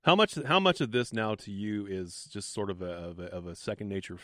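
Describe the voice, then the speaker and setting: A man hosting a radio talk show, asking curious questions with halting restarts and encouraging his guests. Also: on the low side, big pitch swings. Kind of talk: casual radio interview.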